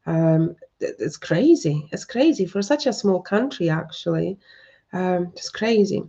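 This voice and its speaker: Woman medium on a live stream, hesitant and slow, gravelly mellow voice, dull lo-fi audio. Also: fairly low pitch, animated. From lives in northern Scotland, learned English there. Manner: hesitant, full of ums and restarts. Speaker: psychic medium giving live readings. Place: at home with a dog.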